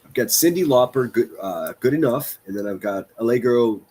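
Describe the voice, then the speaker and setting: A man's voice: mid-range voice, expressive, moderate pace, darkish tone, breathy edge. A man hosting a livestream, giving crude, sarcastic reaction commentary and mocking what he plays. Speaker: commentary streamer host.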